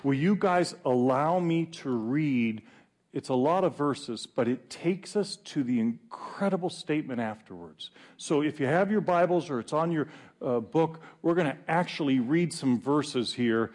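A male pastor preaching a sermon in a conversational, animated way with fillers and pauses. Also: fairly high pitch.

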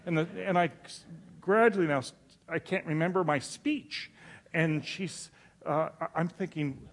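Animated stammering preacher, fairly high voice. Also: male voice, moderate pace. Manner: animated, stammering restarts, self-mocking. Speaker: pastor. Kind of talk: sermon with comic storytelling.

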